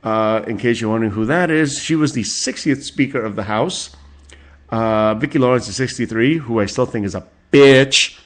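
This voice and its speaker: Celebrity birthdays are the topic as a forties-aged man hosts a solo podcast, drifting into profane tangents and chuckling along the way. He speaks at a moderate pace in a mid-range voice.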